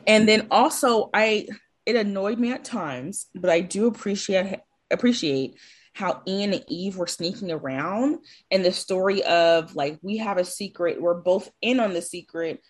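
A woman's voice: medium pitch, measured pace. Chatty woman podcast co-host. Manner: chatty, lively, laughs while acting out scenes. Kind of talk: casual chat.

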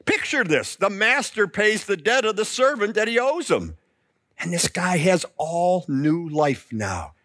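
A man preaching a sermon, telling the story with lively emphasis and acting out the quoted lines. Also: sits high, measured pace, no echo, studio quality. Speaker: pastor.

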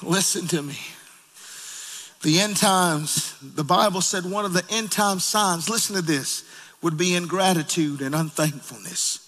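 A man preaching a sermon in a church, calling out to the congregation and rising to shouts. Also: sits high, a little slow, long reverb tail. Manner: calls out to congregation, rises to shouting. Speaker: pastor. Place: church sanctuary.

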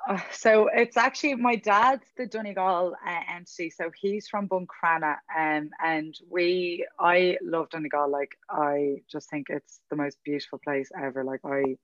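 A woman's voice: on the low side, steady tone, normal speed, few pauses, no echo. Chatty young woman, muffled. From Dublin, Ireland. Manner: chatty and rambling, self-mocking, laughs often. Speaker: podcast guest. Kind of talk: casual interview chat. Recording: dull, dry sound.

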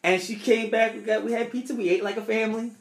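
High-voiced man telling a childhood story. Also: steady tone, fast, gravelly, echoey room. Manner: rambling, repeats words and restarts often. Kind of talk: casual storytelling chat.

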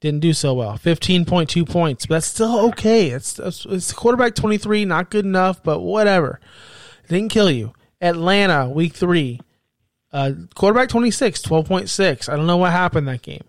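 High-voiced teasing man, dry sound. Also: animated, normal speed, no room sound. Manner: teasing, stat-heavy, needling. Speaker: podcast co-host. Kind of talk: casual sports chat.

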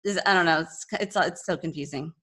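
This low-pitched, fairly quick woman's voice is fairly bright with a breathy edge and a Texan accent; she grew up in Texas. Hosting a podcast, she chats casually in an interview, rambling with restarts.

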